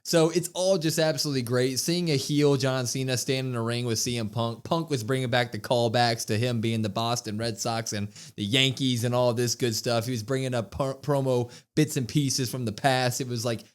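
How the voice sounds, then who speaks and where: A man co-hosting a podcast, recapping wrestling in a casual, excitable way and acting out quotes with emphasis. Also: mid-range voice, moderate pace, hardly any pauses, clean tone. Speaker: podcast co-host.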